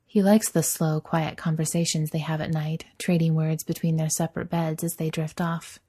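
A woman narrating a story aloud in a gentle, even storytelling manner. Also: low-pitched, normal speed, hardly any pauses, breathy edge. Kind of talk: audiobook story reading.

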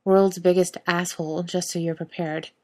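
A woman's voice: fairly low pitch, level tone, moderate pace, warm tone, close to an everyday voice. A woman voicing a worn-out young male barista with strained, forced politeness. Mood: strained polite.

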